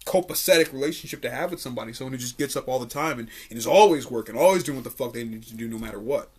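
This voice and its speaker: A man's voice: medium pitch, very fast, breathy edge. A man in his twenties hosting a podcast, telling a story in laid-back casual chat, swearing freely and laughing often. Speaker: podcast host.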